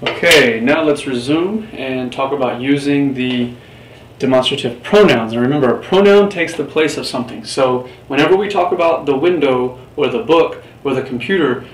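Recorded from a distance in a roomy space with faint hiss, a medium-pitched male teacher leads a Spanish lecture. He's patient, walking through material one step at a time and quizzing his students.

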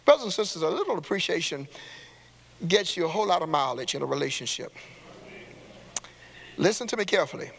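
A man preaching a sermon to his church. He calls out to the congregation and builds to shouts. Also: on the high side, lively intonation, a little fast, creaky, long pauses. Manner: call-and-response preaching, rising to shouts. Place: church sanctuary. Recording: long hall reverb in a church.

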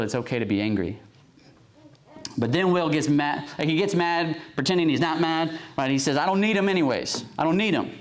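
A man preaching a sermon in a conversational way, with many fillers and tag questions, acting out quoted voices. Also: medium pitch. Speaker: pastor.

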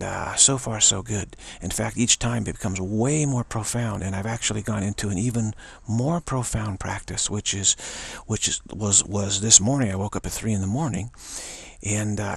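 Serving as a teacher, a man delivers an earnest spiritual talk in a fairly low, gravelly, slightly husky voice. He speaks haltingly with frequent repetitions, and the recording sounds dry and close.

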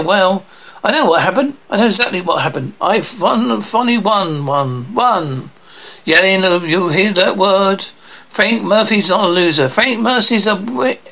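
A bright, crisp-edged voice reads through a cartoon episode scene by scene. Character dialogue and spoken sound captions run together, broken by clipped words and restarts. The pitch sits in the middle range. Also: low-quality recording. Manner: jumps between characters' lines and caption readouts.

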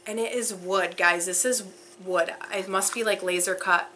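A woman's voice: medium pitch, steady tone, normal speed, sharp tone, slight background noise. A woman chatting casually while unboxing, gushing and gasping with whispered awe. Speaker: unboxing vlogger.

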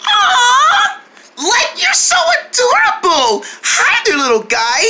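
A woman's voice: extremely high pitch, wildly swooping pitch, takes it slowly, pushed and bright, slight background noise, full character voice. A woman voicing Gravy, a gushing cartoon girl who squeals, coos and puts "done" before her verbs. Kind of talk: amateur cartoon voice acting.

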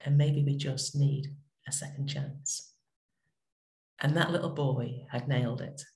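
A middle-aged woman vicar giving a gentle, reflective talk that tells a story, with pauses. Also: very deep voice, steady tone, reverberant. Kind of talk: short spoken reflection.

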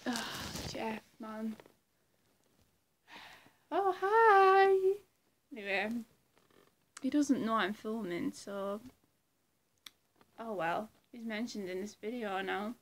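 A woman's voice: medium pitch, takes it slowly, long pauses. A woman chatting casually in a vlog, rambling and self-deprecating, often repeating herself. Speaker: impressionist vlogger.

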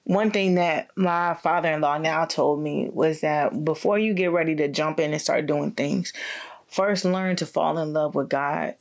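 A woman's voice: low voice, measured pace. A woman guest sharing her faith testimony in an interview, telling it in a reflective way and acting out quotes.

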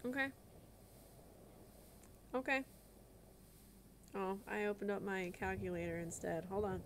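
A woman streams live gameplay commentary in a mid-range, unhurried voice, muttering and swearing in frustration at the game as she plays. A little hiss or hum runs under the audio.

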